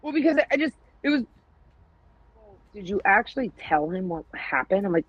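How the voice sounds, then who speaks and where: A woman's voice: mid-range voice, very animated, moderate pace, breathy edge, dull audio. A woman co-hosting a podcast, telling stories in candid casual chat, acting out quoted dialogue and swearing freely. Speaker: podcast co-host.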